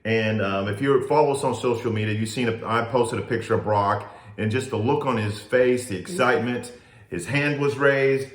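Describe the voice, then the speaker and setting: A man in his thirties co-hosting a family podcast and coaching youth wrestling, telling stories in a steady, earnest way. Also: mid-range voice, normal speed, echoey room. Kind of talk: casual chat.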